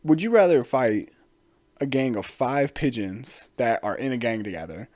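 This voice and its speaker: A man's voice: mid-range voice, expressive, normal speed, a little mellow, dry recording. A man hosting a casual solo podcast, rambling, swearing freely and laughing often. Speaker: podcast host.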